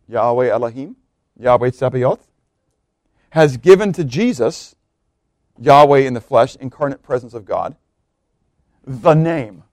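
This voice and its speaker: A man preaching a verse-by-verse sermon, reading scripture aloud, swelling on key words and dropping low, often asking his listeners questions. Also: darkish tone, no room sound, clean studio sound. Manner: emphatic, swells on key words then drops low, asks the congregation questions. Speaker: pastor.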